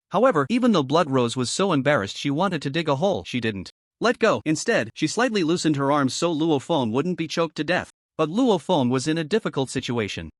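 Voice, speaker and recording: A male narrator reading a fantasy recap with an animated, dramatic delivery. His voice sits a bit high and swings widely in pitch. The recording is dry and close. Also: brisk, few pauses, dry recording.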